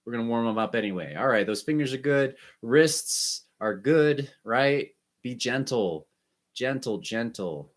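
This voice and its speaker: A man teaching an online music lesson, guiding students through breathing and warm-up exercises with short, encouraging instructions. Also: mid-range voice, normal speed, hardly any pauses.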